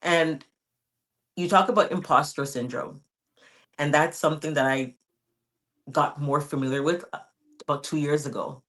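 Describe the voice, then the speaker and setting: A woman's voice: low voice, normal speed, pauses often, fairly bright tone. A woman hosting a podcast interview, chatting casually and encouraging her guest. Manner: encouraging, affirming. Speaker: podcast host.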